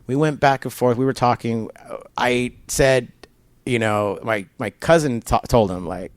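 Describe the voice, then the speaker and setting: This man speaks at a medium pitch, a little slowly, with a smooth voice and no room sound. Being interviewed as a guest in a barber shop, he spins a long, casual story full of fillers, animatedly acting out each character's voice.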